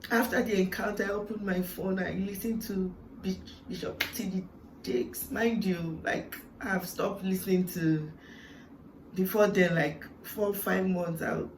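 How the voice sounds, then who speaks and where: A woman sharing a heartfelt personal testimony in an earnest, reflective way, with swells of emotion and hushed moments. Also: medium pitch, steady tone, measured pace, background noise. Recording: roomy, echoey sound from a distant mic.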